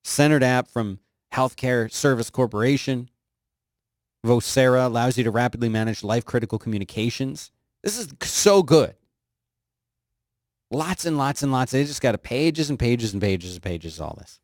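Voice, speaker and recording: A middle-aged man hosting a podcast, reading tech news in a casual, joking way and sometimes jumping into high silly voices. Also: normal speed, dry recording, studio quality. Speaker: podcast host.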